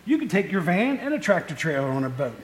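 A man's voice: sits high, sing-song, fast, a little hiss or hum. A man preaching a conversational, storytelling sermon, full of asides to the congregation. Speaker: pastor. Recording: echoey room.

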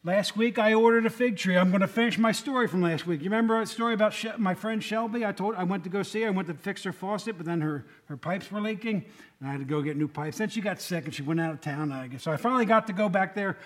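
A man in his fifties, a preacher, giving a sermon in a relaxed storytelling way with folksy asides to the congregation. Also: sits high, quick pace. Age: 50s.

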